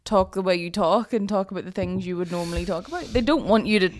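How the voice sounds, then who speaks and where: Female co-host, mid-pitched, jumps in to fill in the details. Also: fast, a little mellow. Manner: chiming in, adding details to his stories. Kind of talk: casual chat.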